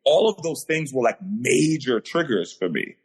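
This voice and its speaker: A man with a husky, slightly breathy voice speaks as a guest over a video call. He tells a personal story earnestly, his emotion building as he relives it. His pitch sits in the middle for a man. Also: big pitch swings, normal speed. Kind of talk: personal storytelling in a podcast interview.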